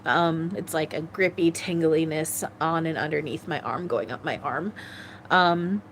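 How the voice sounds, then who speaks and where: A woman psychic medium giving a live-stream channeling reading, gentle and earnest, halting as she searches aloud for words. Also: low voice, slight background noise.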